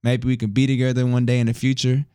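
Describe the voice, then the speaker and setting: A man's voice: medium pitch, flat delivery, fast talker, warm tone, clear, resonant tone, no echo, clean studio sound. Laid-back man chatting on a podcast. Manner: laid-back slang, laughs often. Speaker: podcast co-host. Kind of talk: casual podcast chat.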